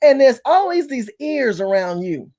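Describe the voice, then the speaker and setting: Woman, high voice, animated rant, emphatic, talking straight to camera. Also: unhurried. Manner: animated, emphatic storytelling with cursing. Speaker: vlogger. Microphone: phone or camera facing her.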